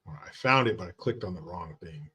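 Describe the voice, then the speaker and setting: Male commentary host; blunt, profane, rambling delivery with a bright, forceful tone. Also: low-pitched, expressive, a little fast, slightly rough. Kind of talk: opinionated talk-show commentary.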